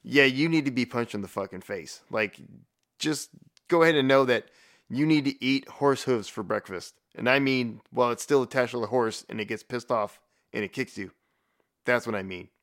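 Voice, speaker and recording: A man's voice: mid-range voice, moderate pace, fairly bright tone. A man giving a profane, rambling rant in blunt, casual commentary, with frequent restarts.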